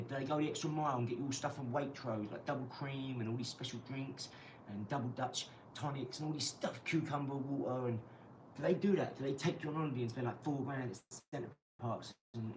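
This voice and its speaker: A young man streaming live from his garage, mocking and trash-talking a viewer with sudden loud outbursts. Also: medium pitch, far from the mic, slight background noise, poor audio. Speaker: livestreamer. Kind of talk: live stream chat while boxing.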